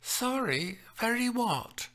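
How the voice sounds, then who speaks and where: A man's voice: high voice, very animated, slow pace, bright, forceful tone, voice pushed up, exaggerated voice. A man reading a storybook voicing a self-effacing young woman who snaps and growls ferociously when acting. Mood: meek. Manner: snapping and growling, then meek. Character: timid young woman turning ferocious as a nurse.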